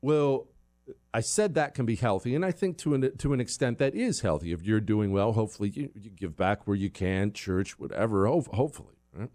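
A man hosting a talk show, delivering an opinionated, sarcastic monologue with loud outbursts and muttered asides. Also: on the low side, animated, brisk.

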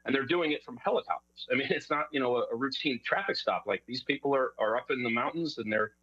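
A man's voice: medium pitch, fast talker, pushed and bright, slightly rough, no room sound, highs cut off. A middle-aged man from New York, talking casually as an interview guest, rambling with many fillers and restarts. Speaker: guest, show host.

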